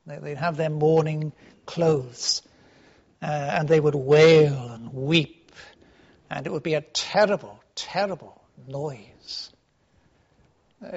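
A man preaching a sermon, earnest, rising for emphasis and dropping to hushed tones. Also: sits high. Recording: dull lo-fi sound.

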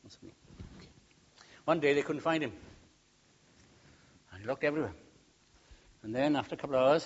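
A man preaching a sermon, swinging between loud emphatic peaks and quiet, humorous storytelling asides. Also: mid-range voice, quick pace, long pauses, slightly rough. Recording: dull lo-fi sound.

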